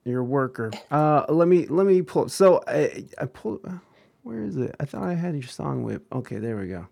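A man's voice: fairly high pitch, very animated, moderate pace, creaky, mellow. A man hosting a casual live-streamed interview, rambling and thanking viewers as he goes. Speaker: podcast host.

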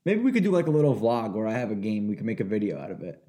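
A man in his twenties hosting a podcast, rambling and animated as he chats. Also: lowish voice, racing. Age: 20s. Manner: rambling, animated, laughs easily. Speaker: podcast host. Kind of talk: casual chat.

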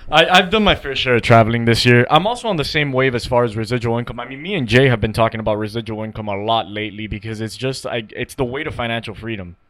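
A man's voice: mid-range voice, fast, few pauses, fairly bright tone. A man hosting a podcast, chatting casually, agreeable and asking follow-up questions.

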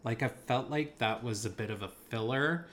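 A man's voice: mid-range voice, moderate pace, fairly bright tone, a little hiss or hum. A man chatting casually about a movie he saw, enthusiastic and rambling, laughing now and then. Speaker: movie podcast co-host. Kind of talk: casual movie review chat.

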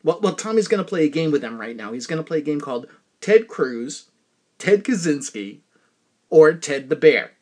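A man with a fairly high, slightly husky voice hosts his podcast in easy, rambling chat. He hesitates often with fillers but sounds keen about what he talks about. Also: lively intonation, normal speed, darkish tone. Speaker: podcast host.

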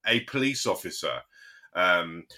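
A man co-hosting a podcast, telling animated stories in casual chat. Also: low voice, a little slow. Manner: animated storyteller, acts out phone calls. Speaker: podcast co-host.

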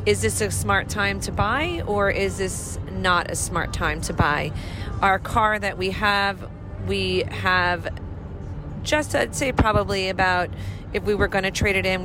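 A woman leaving a polite, earnest voice memo question, speaking a little haltingly. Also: medium pitch, over music. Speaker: listener sending a voice memo. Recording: voice memo with street noise behind.

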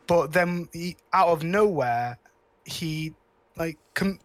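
A man's voice: fairly high pitch, slow, no room sound. A man co-hosting a podcast, rambling casually about films with lots of restarts and cheerful swearing. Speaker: podcast co-host. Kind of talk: casual chat.

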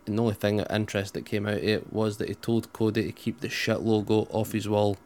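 A man's voice: on the low side, flat delivery, fast talker, darkish tone. A man co-hosting a casual wrestling chat, dry and matter-of-fact with some swearing. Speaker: wrestling podcast co-host.

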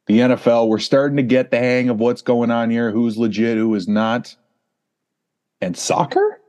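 Dude hosting a sports podcast, upbeat, laughs a lot, normal mid voice. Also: male voice, mid-range voice, flat delivery, brisk, a little mellow. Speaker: podcast host. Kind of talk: casual sports podcast chat.

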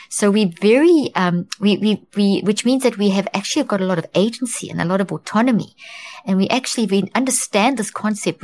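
Middle-aged woman, lowish voice, earnest guest expert, conversational with frequent restarts. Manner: earnest, restarts often, acts out quoted thoughts. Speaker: guest expert on mental health. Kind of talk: conversational explanation in an interview.

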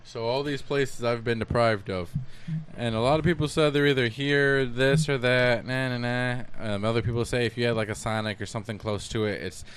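Rambling joking podcast co-host. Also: male voice, mid-range voice, fairly even intonation, fairly quick, clean tone. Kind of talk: casual podcast chat.

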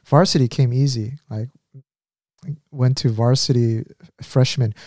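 A man talks through memories in a relaxed, mellow voice, dry and close. His speech wanders with frequent fillers and restarts. He slips into quick character impressions as he goes. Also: mid-range voice, dry recording. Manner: rambling, filler-heavy storytelling with impressions. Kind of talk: casual conversation.

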